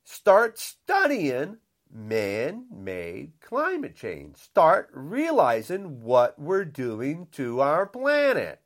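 An older man rants in an angry, indignant tone, circling back to his points again and again. His voice sits high and leaps up and down as he talks. He takes his time, dragging the words out slowly. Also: huge pitch swings, fairly bright tone. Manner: indignant, repetitive, blunt. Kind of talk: angry political rant.

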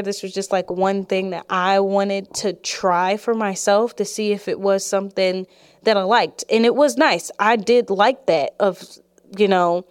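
A woman's voice: medium pitch, smooth. A woman hosting a podcast, telling a personal story in a frank, chatty way with lots of "like" and "you know". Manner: laughs often while telling the story. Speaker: podcast host.

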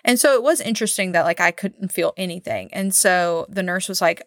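A woman's voice: fairly low pitch, a little fast, hardly any pauses, dry recording, studio quality. A woman in her thirties chatting casually on a podcast, telling a long story with lots of "like" and acting out what others said. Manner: chatty storytelling, many "like"s, acts out quotes. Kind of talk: casual chat.

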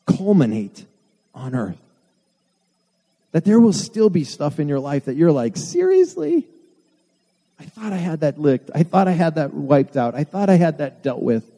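A man's voice: on the high side, normal speed, mellow. A man preaching a sermon to his church, earnest with self-deprecating asides. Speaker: pastor. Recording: long hall reverb.

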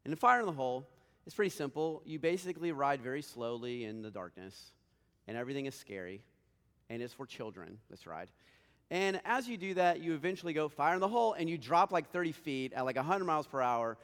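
A man in his thirties preaches in an earnest, conversational way, rising in his appeals and falling soft at the ends of his thoughts. His voice sits at a middling pitch, with a long reverb trailing after it through the church sanctuary. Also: lively intonation, brisk. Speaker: pastor. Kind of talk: sermon.

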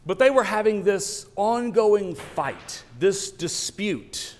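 Pastor guy preaching, kinda high voice, telling a funny story, big churchy echo. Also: slow pace, hardly any pauses. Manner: storytelling, animated, wry asides. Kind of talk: sermon. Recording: long church reverb.

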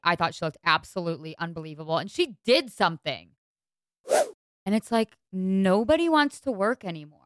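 A young woman hosting a podcast, chatting casually about fashion in an animated, exasperated and gushing way. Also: on the low side, clear, resonant tone, dry recording. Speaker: podcast host.

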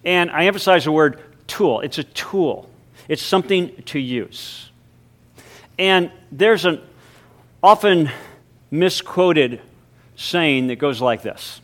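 A male pastor giving a sermon, moving from a hushed, reverent prayer into emphatic preaching with deliberate, drawn-out stresses. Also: fairly high pitch, big pitch swings. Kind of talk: spoken prayer.

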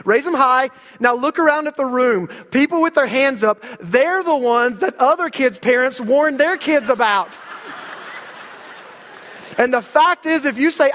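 A man's voice: very high voice, lively intonation, moderate pace, a bit bright. A man in his thirties preaching a casual, story-filled sermon, often repeating words as he starts a sentence. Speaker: pastor. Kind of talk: conversational sermon. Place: church sanctuary. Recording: long hall reverb.

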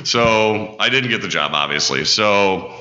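A man's voice: lowish voice, expressive, unhurried, pushed and bright, in a large hall, highs cut off. A man in his thirties, a podcast guest, telling rambling stories about his bartending years in a casual way. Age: 30s. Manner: rambling, with frequent fillers like "this, that, and the other". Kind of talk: casual storytelling.

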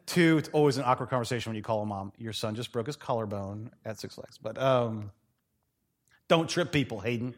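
A man's voice: mid-range voice, fairly quick, slight background noise. A middle-aged male pastor preaching a sermon, telling funny stories and acting out the people in them. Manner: animated, joking, acts out voices in his stories.

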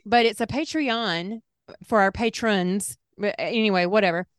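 A woman's voice: medium pitch, moderate pace, clear, resonant tone, no echo, clean studio sound. A woman with a Southern US accent co-hosting a podcast, chatting casually with many fillers and restarts, and reading a listener's letter aloud. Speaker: podcast co-host.

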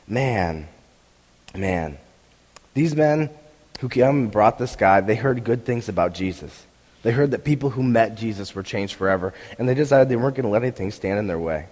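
Young male pastor, sore-throat hoarseness, lively storytelling sermon, long hall echo. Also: mid-range voice, a little fast. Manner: animated storytelling, acts out crowd reactions. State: voice roughened by strep throat. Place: church hall.

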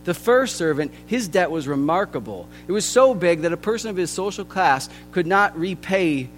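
A man's voice: high-pitched, expressive. Earnest male preacher in an echoing hall. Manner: earnest and deliberate, drops softly at phrase ends. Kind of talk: sermon with scripture reading. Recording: long hall reverb with faint music.

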